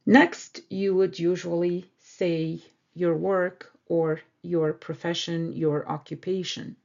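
A woman teaching a beginners' French lesson, repeating each word slowly and carefully. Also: fairly low pitch, level tone, darkish tone, highs cut off. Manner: slow, careful repetition of words. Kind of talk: slow language lesson.

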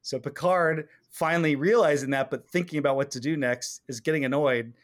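A man in his forties co-hosting a casual chat podcast, animated and laughing often as he quotes lines. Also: on the high side, brisk. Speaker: podcast co-host.

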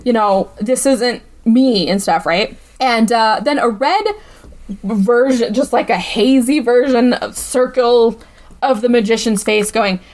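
A woman with a slightly high voice gives a casual, sarcastic recap of a film on a podcast. She talks in a loose, chatty way, full of "like" and "right?" and asides to her co-host. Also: a little slow, a little mellow. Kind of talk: casual movie recap chat.

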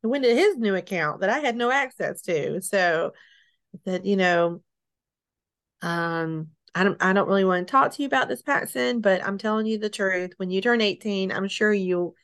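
A middle-aged woman being interviewed, telling her story haltingly, with restarts, soft laughs and sighs. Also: mid-range voice. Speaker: interview guest.

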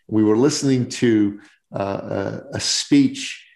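Gravelly-voiced earnest male podcast host. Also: on the low side, takes it slowly, darkish tone. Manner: earnest, preachy, emphatic. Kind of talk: motivational interview talk.

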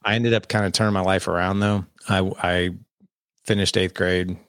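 A deep-voiced man tells a personal story in a candid, conversational way. His voice has a gravelly, fry-heavy texture, and the sound is dry and close. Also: level tone, normal speed, a bit bright, dry recording. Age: 40s. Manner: candid, conversational, quotes people in dialogue. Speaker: guest. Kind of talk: personal storytelling in a podcast interview.

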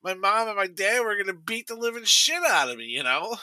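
A man's voice: high voice, big pitch swings, a little fast, sharp tone, no room sound. A middle-aged man co-hosting a casual podcast chat, blunt and profane, often laughing. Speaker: podcast co-host.

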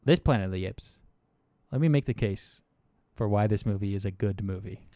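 An excitable young man co-hosting a film podcast, his voice leaping from low mumbles to high, eager bursts. The sound is close and dry, with no room around it. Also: moderate pace, no echo. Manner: enthusiastic, animated, swings between mumbled asides and excited bursts. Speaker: podcast co-host. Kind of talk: casual film review chat.

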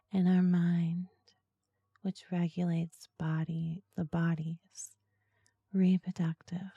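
A woman hosting a podcast in a soft, breathy, slow and seductive ASMR-style voice. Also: lowish voice, no echo, clean studio sound. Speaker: podcast host.

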